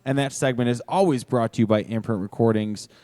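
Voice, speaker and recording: A man's voice: medium pitch, fairly quick, dark tone, no room sound. A man hosts a radio show from a bowling alley bar, chatting and clowning with his guests. His tone is playful and teasing. The sound is dry and close. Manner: jokey, playful, talks over banter. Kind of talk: casual on-location interview chat.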